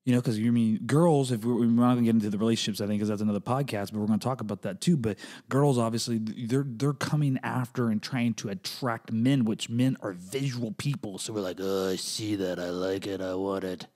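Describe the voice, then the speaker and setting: A middle-aged man hosting a comedic solo podcast, talking in an animated way that jumps into high, exaggerated bits and restarts often. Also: fairly quick, hardly any pauses. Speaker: podcast host.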